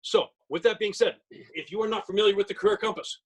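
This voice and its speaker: A middle-aged man leads a real estate training webinar, speaking very fast with an emphatic salesman's push. His voice sits high and has a husky edge. He talks into a computer mic on a video call. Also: low-quality recording. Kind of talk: webinar presentation.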